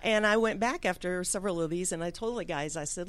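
A woman as a guest on a business radio show, telling her story in a lively way and acting out what people said. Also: lowish voice, fast, few pauses. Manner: lively storyteller, acts out quotes. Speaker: guest, gift business owner. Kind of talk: casual interview answers. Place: radio studio.

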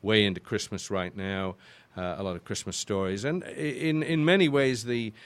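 An older man with an English accent, chatting as an interview guest. His voice sits fairly low and he rambles warmly through long stories, often restarting his sentences. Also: moderate pace, clear, resonant tone. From Yorkshire, northern England. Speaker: guest voice actor. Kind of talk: casual interview chat.

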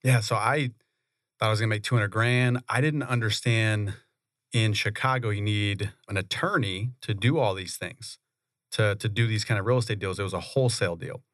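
A man, a real estate investor, telling his story in a relaxed, conversational way in a radio studio. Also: on the low side, moderate pace, no echo. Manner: relaxed, conversational, laughs often. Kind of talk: interview storytelling.

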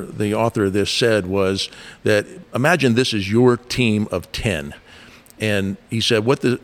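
A middle-aged man with a somewhat low voice, talking as a leadership coach in an interview. He tells stories in an animated way, raising his pitch when he acts out the questions people ask. His delivery is conversational, with frequent restarts.

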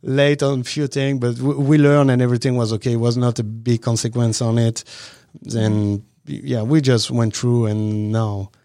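A man's voice: medium pitch, little pitch movement, mellow, no room sound, studio quality. A man from southern France with a French accent, a restaurant owner talking in a casual interview, searching for words and restarting often. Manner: halting, searching for words, frequent restarts and chuckles.

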